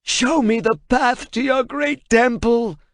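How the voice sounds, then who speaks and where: A man voicing a terrified male translator with a raspy voice, pleading and strained with fear. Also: extremely high pitch, takes it slowly, no echo, clean studio sound, voice pushed up, exaggerated voice. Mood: desperate.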